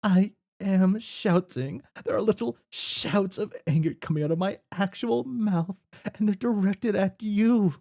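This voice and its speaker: A man's voice: on the high side, slow pace, vocal fry, hardly any pauses, dry recording, studio quality, full character voice. A man voicing a furious teenage girl who snaps in exasperated outbursts while reading a webcomic aloud. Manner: sharp, exasperated, shouting outbursts.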